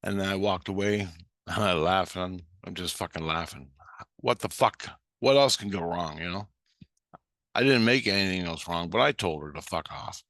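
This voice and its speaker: A man's voice: low-pitched, moderate pace, fairly bright tone, no room sound, clean studio sound. A man telling a story in a blunt, heated way, swearing constantly. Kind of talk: casual storytelling.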